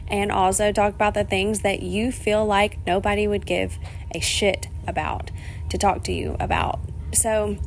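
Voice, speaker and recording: A woman hosts her own solo podcast, rambling chattily and emotionally, often laughing and swearing casually, and she sounds near tears. Her voice is medium-pitched, with a little hiss or hum in the recording.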